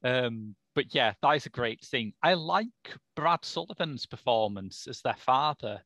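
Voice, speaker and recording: A man's voice: mid-range voice, lively intonation, a little slow, a bit bright, dry recording. A man co-hosting a podcast, talking films in a blunt, opinionated and sweary way. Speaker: podcast co-host. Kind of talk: casual film discussion.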